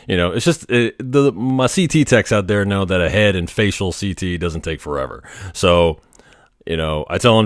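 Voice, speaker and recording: A man's voice: on the low side, lively intonation, moderate pace, dry recording, clean studio sound. A man who works as a Navy X-ray tech, telling stories casually with a laid-back, profane, rambling manner full of fillers. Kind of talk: casual storytelling vlog.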